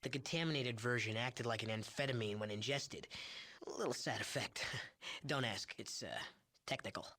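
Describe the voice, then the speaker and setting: A man's voice: medium pitch, moderate pace, bright, forceful tone. An actor playing an arrogant young male drug chemist in a video game, boastful and sneering as he shrugs off cruelty.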